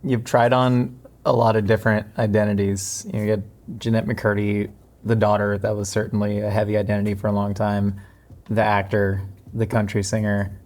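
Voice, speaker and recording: Calm man with a flat, low voice. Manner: calm, measured questioning. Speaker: host. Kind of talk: conversational interview questions.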